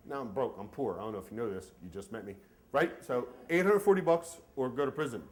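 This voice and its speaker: A man telling a comic story about himself at a live story event, in an animated, joking way. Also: medium pitch, fast talker, a little hiss or hum. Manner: animated, comic, self-mocking.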